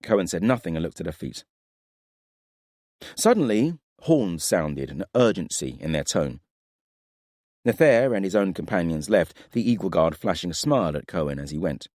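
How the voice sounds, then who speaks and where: A male audiobook narrator with a low voice that still moves expressively across its range. He reads fantasy prose in a measured storytelling way. The sound is dry and close. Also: big pitch swings, darkish tone, dry recording.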